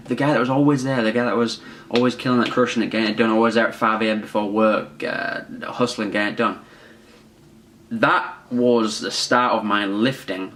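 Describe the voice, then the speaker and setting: Speaking casually to camera, a young male vlogger in his twenties rambles through a personal story with self-mocking humor. He has a mid-range voice with a fairly bright tone.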